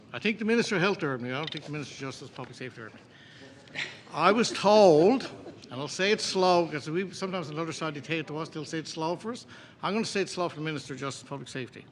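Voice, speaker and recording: A man, an opposition member in a committee debate, talking indignantly and slowing down to stress his words. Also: fairly high pitch, a bit bright, a little hiss or hum. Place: legislative chamber.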